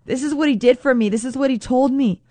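A woman giving an earnest devotional reflection, speaking slowly and emphatically and often repeating phrases. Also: high voice, warm tone, no room sound.

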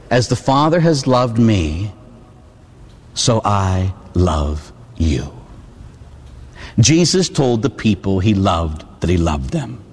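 A priest in his forties from Pittsburgh, preaching a sermon with lively storytelling and frequent rhetorical asides. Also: mid-range voice. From Pittsburgh, USA. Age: 40s. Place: church. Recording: long church reverb.

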